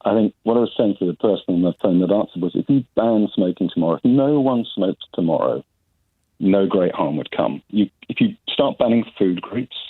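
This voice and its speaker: A man's voice: lowish voice, lively intonation, a little fast, husky, dry recording. A man calling a radio phone-in, making his point in an earnest, reasoning way. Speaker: caller. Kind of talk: phone-in call. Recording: tinny phone line.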